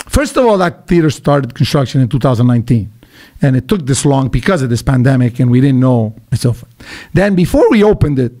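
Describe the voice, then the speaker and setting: A middle-aged man from Quebec, telling stories as a podcast guest in an animated, emphatic way with blunt asides. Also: mid-range voice, breathy edge. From Quebec, Canada. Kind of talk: casual podcast conversation.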